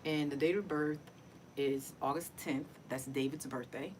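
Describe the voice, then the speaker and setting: Middle-aged female vlogger, low register, chatty and emotional; noisy home recording. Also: steady tone, measured pace. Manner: chatty, emotional, repeats herself. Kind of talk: casual personal vlog.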